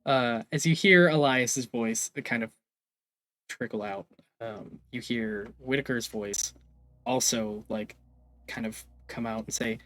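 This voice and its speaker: Game master, male, casual narrator, fillers and restarts, mid pitch. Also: measured pace, a bit bright. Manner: hesitant, lots of fillers, casual swearing.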